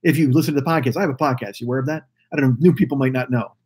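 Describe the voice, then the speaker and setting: Talking at a racing pace in a slightly mellow, mid-range voice, this live stream podcast host welcomes his viewers through a webcam mic, with slight background noise. His chatter rambles and is full of casual profanity.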